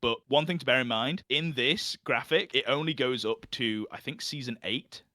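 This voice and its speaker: Bright lively guy riffing on videos, laughs at his own bits, dry close mic. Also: medium pitch, moderate pace, no room sound. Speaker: host. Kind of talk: casual reaction chat.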